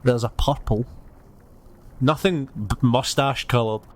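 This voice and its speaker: Game master, middle-pitched man, easygoing and hesitant narration. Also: slow pace. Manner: relaxed, hesitant with frequent ums.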